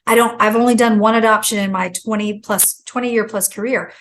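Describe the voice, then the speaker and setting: A middle-aged woman, a guest author on a talk show, tells a personal story with lively storytelling and acts out the quoted voices. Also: brisk, few pauses, poor audio. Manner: acts out quoted speech with big pitch jumps. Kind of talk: animated storytelling.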